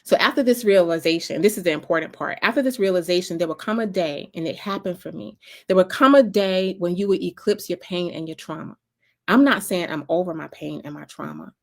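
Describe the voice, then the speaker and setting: A woman's voice: on the low side, fairly quick. A woman from North Carolina with a Southern accent, giving an inspirational faith talk as a motivational speaker, with emphatic repetition and a preaching cadence.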